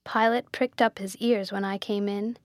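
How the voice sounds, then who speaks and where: A woman narrating a classic novel in the first person, measured and gently expressive. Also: medium pitch, dry recording, studio quality. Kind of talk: scripted audiobook narration.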